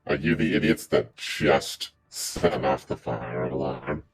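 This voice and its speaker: A man's voice: a bass voice, steady tone, slow, slightly rough, faint music behind, pitched below the performer's own voice, exaggerated voice. A man voicing a masked, armored thief whose voice comes muffled through a voice modulator, curt and menacing. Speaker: game master voicing a villain.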